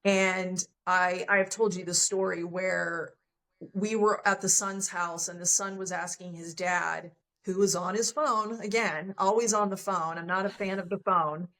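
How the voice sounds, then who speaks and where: A woman's voice: lowish voice, steady tone, a little slow, fairly bright tone. Candid woman telling a personal story. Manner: candid, emotional, quotes others in dialogue. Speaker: podcast guest.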